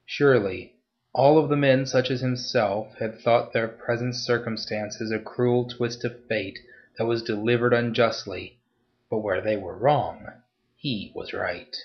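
A man giving a steady, scripted narration of a story. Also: mid-range voice, measured pace, highs cut off.

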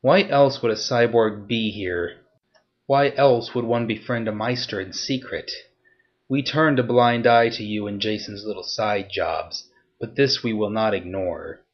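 A man voicing a cold, threatening young woman who interrogates in a soft, low voice. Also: measured pace, dull audio. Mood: menacing.

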